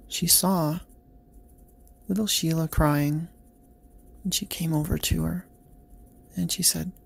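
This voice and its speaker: A man narrates a bedtime story softly and gently. His voice is deeply gravelly and husky, and he keeps a flat, unhurried delivery. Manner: soft, gentle, slow storytelling.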